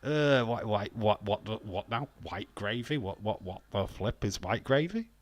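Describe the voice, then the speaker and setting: With a lowish voice and lively intonation, this UK man speaks a touch slowly while running a laid-back live wrestling watch-along. He cracks jokes, curses constantly and laughs a lot.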